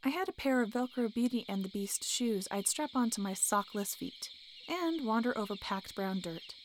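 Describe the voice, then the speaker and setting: A woman telling a first-person story in a calm, measured narration. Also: fairly high pitch, slight background noise. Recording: music bed under the voice.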